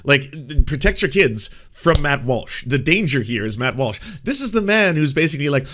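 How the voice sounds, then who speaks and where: A man's voice: fairly high pitch, very animated, fairly quick, hardly any pauses, fairly bright tone. A man hosting political reaction commentary, talking casually and sarcastically, swearing and doing mocking impressions.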